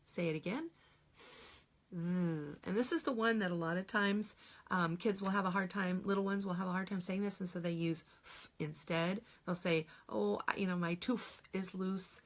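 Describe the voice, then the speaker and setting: A woman's voice: on the low side, moderate pace. A middle-aged woman teaching a phonics lesson on video, explaining patiently step by step and modeling each sound aloud.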